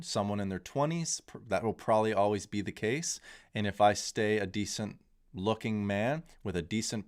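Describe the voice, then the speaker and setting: A man's voice: lowish voice, smooth. A man in his thirties hosting a crypto livestream, talking casually and candidly in a rambling, opinionated way with frequent restarts. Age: 30s.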